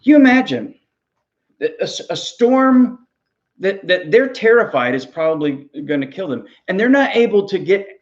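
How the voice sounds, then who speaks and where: Gravelly man preaching a sermon. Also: high-pitched, lo-fi sound. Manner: earnest, conversational preaching with repeated words. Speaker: pastor.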